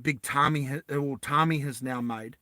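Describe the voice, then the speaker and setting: A man telling a story in a rambling, animated way, full of fillers and asides. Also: medium pitch, normal speed, dry recording. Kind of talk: improvised casual storytelling.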